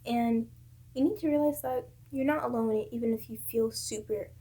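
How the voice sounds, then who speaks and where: Young woman vlogger with a breathy, slightly raised voice, talking earnestly and openly to her camera. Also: fairly high pitch, moderate pace, warm tone. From South Carolina. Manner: candid, earnest and personal. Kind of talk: casual advice talk to camera.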